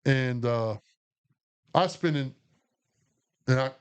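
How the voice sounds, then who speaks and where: A man's voice: mid-range voice, slow pace, smooth. A man, co-hosting a podcast and telling a long, profane, rambling story full of restarts. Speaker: podcast co-host. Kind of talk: casual storytelling chat.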